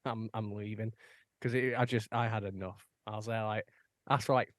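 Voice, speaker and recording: A British man hosting a podcast, swearing freely as he tells stories. He slips into animated quoted voices as he goes. His voice is dry and close, with no room sound. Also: fairly low pitch, moderate pace, no room sound. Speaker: podcast host. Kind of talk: casual chat.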